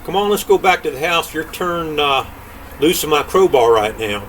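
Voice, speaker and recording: An older grandfather reading aloud, voicing a slow-witted old male giant in a drawling folksy way. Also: fairly high pitch, expressive, fairly bright tone, slight background noise, rough recording. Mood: coaxing.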